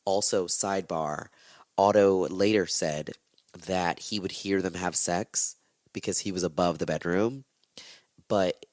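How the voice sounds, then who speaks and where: A man hosting a comedic true-crime podcast, telling the story in an animated, foul-mouthed, slangy way. His voice sits on the low side, and the sound is dry and close with no room echo. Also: a little slow. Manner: animated, profane, slangy, jokey asides. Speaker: podcast host.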